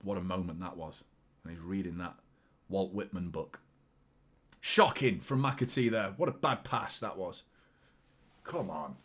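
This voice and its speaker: A man hosting a football watchalong, chatting casually and reacting live to the game, jumping between excited outbursts and low muttered asides. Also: unhurried, long pauses. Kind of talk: live match commentary and chat.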